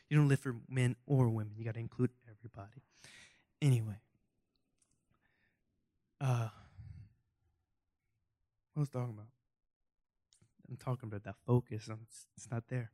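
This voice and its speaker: A man's voice: mid-range voice, dry recording, clean studio sound. A young man, preaching a casual, joking sermon full of rhetorical questions and rambling asides. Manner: goofy, self-mocking, rambling with asides. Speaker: youth preacher.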